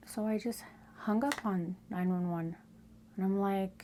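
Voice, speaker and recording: A woman telling a personal story in a casual storytelling style, often dropping to a hushed whisper for suspense. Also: medium pitch, fairly even intonation, a little slow, a little hiss or hum. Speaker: storytime vlogger.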